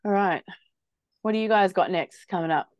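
A woman hosting a casual snack taste test, playful and quick to exclaim. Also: mid-range voice, no echo, highs cut off. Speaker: channel host. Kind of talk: casual chat.

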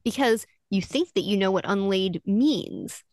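A woman co-hosting a podcast, chatting casually with a bouncy, lively pitch. She giggles often and sounds playfully nerdy about words. The sound is close and dry. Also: a little slow, no room sound. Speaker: podcast co-host. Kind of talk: casual chat.

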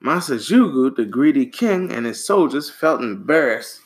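Guy reading a folk story to a kid, animated voice with lots of ups and downs, chill asides. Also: mid-range voice, moderate pace. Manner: animated, relaxed, adds casual asides. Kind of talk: reading a folktale aloud to a child.

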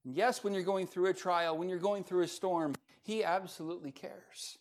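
A man preaching as pastor at a church service, with folksy humor, swinging from quiet asides to loud, rising passages. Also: high-pitched, steady tone, moderate pace. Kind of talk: sermon.

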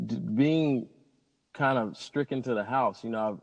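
A man's voice: mid-range voice, normal speed, dull audio. A man, a pilot telling stories in a casual interview in an upbeat, rambling way. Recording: long hall reverb.

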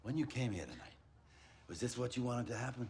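An actor playing a weary tough enforcer. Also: male voice, mid-range voice, a little fast, slight background noise, lightly acted. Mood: pleading calmly. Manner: gruff, dry, calm reasoning under threat. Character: battered tough male enforcer, weary and wry.

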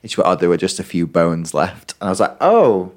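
A man with a lowish voice co-hosting a relaxed podcast. He tells stories in a dry, understated way and quotes other people's lines as he goes. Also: brisk. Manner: dry storytelling, acts out a child's lines. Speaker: podcast co-host, primary school teacher. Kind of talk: casual chat.

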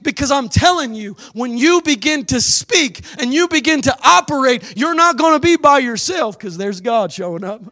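High-voiced man preaching with fervor. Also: lively intonation, moderate pace, few pauses, bright, forceful tone. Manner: emphatic, exhorting, dramatic. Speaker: pastor. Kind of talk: sermon.

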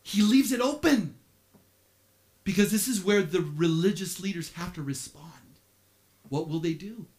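A man preaching a sermon as pastor, animated, with playful asides, swinging from quiet stretches to shouting. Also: high voice, unhurried, long pauses.

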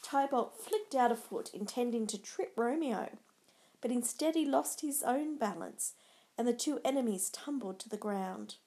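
A woman narrating a dramatic story in a measured storybook style. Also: fairly high pitch, warm tone.

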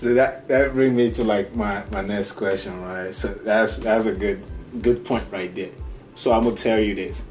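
A man from Nigeria with a Nigerian accent, telling stories in a rambling, animated casual chat and laughing often. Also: lowish voice, moderate pace. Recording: echoey room, faint music.

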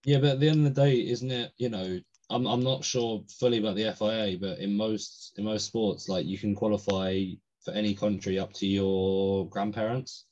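A man's voice: on the low side, fairly even intonation, moderate pace, hardly any pauses, darkish tone, highs cut off. A man co-hosting a podcast, thinking aloud in a hesitant, casual way. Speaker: podcast co-host. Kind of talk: casual chat.

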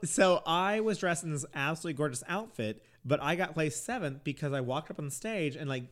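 A man's voice: on the high side, animated, fairly quick, a bit bright. A man co-hosting a podcast, chatting casually and filling his talk with "like". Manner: chatty, peppered with "like", laughs easily. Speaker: podcast co-host. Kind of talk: casual chat reviewing a TV show.

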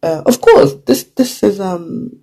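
Here's a vlogger giving career tips in an easygoing to-camera chat, the voice sitting mid-range with a raspy, husky texture. The delivery stays mellow and dark, loaded with "like" and "you know," and short impersonated quotes slip in along the way.

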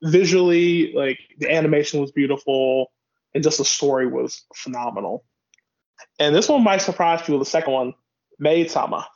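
A man's voice: on the high side, normal speed, darkish tone. A man in a casual group chat, gushing emotionally about his picks. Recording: dull lo-fi sound.

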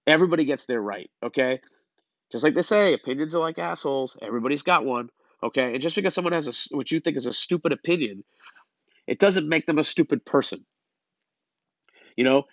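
A man's voice: a little high, fairly bright tone, no echo, highs cut off. A man delivering a blunt, exasperated opinion rant, lecturing his listeners and tagging lines with "okay?".

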